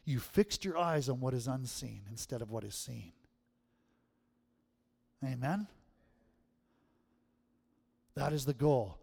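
A middle-aged man preaching a sermon as pastor, swinging from hushed tones to loud, emphatic calls. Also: mid-range voice, expressive, unhurried, vocal fry, long pauses. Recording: long hall reverb.

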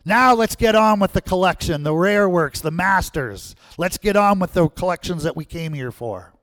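An impatient male bidder demands from the second row that the real sale begin, his voice raised and high. A man acts him out. The sound is dry. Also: lively intonation, normal speed, no echo, big-room sound. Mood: demanding. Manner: loud demanding shout.

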